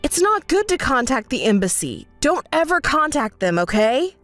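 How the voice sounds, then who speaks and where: A woman's voice: high voice, big pitch swings, moderate pace, a bit bright, dry recording, soft background music. Style: text story voice acting. Figure: a woman playing an evasive young husband, stammering. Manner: stammering, placating. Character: young adult male husband, evasive and apologetic.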